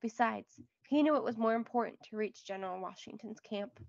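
A woman reading a children's storybook aloud, clear and expressive. Her voice sits somewhat high, and the recording is dry and slightly dull. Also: fairly quick, dry recording. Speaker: read-aloud narrator. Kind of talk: children's book read-aloud.

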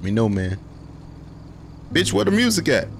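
A man's voice: mid-range voice, huge pitch swings, measured pace, vocal fry, slight background noise. A young man giving slangy, joking let's-play commentary, talking back to the game characters. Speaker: gaming streamer.

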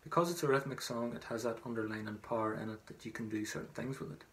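A man teaching traditional songs, singing slow drawn-out phrases and then explaining them in quick, softer speech. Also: medium pitch. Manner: soft, murmured asides. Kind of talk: singing lesson, call-and-response.

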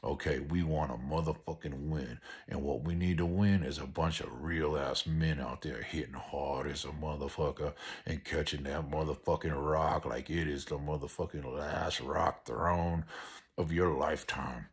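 A man's voice: a bass voice, fairly even intonation, moderate pace, slightly rough. An older man delivering a profane, aggressive motivational rant as a sports fan vlogger.

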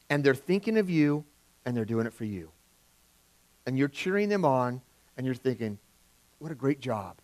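A middle-aged male pastor preaching a sermon in a conversational way, swinging from loud emphasis to quiet asides. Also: a little high. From California.

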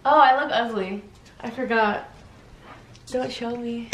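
A woman's voice: fairly high pitch, measured pace, slight background noise. A young woman vlogging casually at home, chatty and full of "like" fillers. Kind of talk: casual personal vlog.

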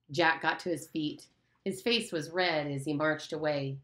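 Low-voiced woman reading an audiobook. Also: a little slow, a bit bright. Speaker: audiobook reader. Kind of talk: audiobook narration.

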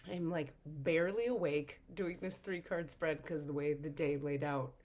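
Woman spiritual teacher, low voice, sleepy and breathy, chatty and animated card reading. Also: moderate pace. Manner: chatty and animated, with many fillers. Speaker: spiritual teacher and energy healer. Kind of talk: casual tarot card reading to camera.

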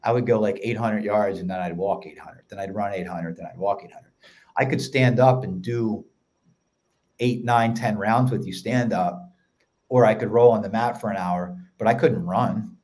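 Chatty man with a Philly accent. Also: fairly low pitch. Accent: Philadelphia. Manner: energetic storyteller, quick run-on sentences. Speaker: podcast guest. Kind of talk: casual chat.

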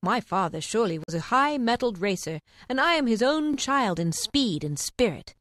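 A woman's voice: a little high, very animated, normal speed, fairly bright tone, no room sound, studio quality. A woman doing a proud, dramatic young mule. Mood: boastful. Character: boastful, then weary young male mule.

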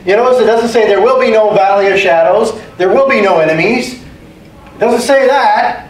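A man's voice: high-pitched, normal speed. A man preaching a sermon as pastor, emphatic, repeating key phrases and calling for amens. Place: church sanctuary. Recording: echoey room, distant mic, faint ambience.

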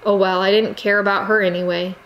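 A woman's voice: medium pitch, level tone, brisk, fairly bright tone, slight background noise, close to an everyday voice, low-quality recording. A woman voicing an earnest, frustrated American teenage boy who pleads insistently. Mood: pleading. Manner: insistent, exasperated, raises his voice.

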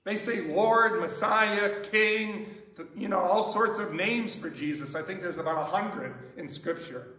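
Male pastor, high and bright voice, conversational sermon full of questions, distant mic in a reverberant church. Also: a little slow. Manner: conversational preaching with many rhetorical questions. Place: church sanctuary.

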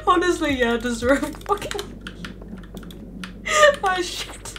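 A woman's voice: very high voice, slow, pauses often, slight background noise. A young woman streaming live, chatting casually with her viewers, giggling and exclaiming a lot. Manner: giggly, bursts into laughter often; excitable, frequent exclamations. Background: faint background music.

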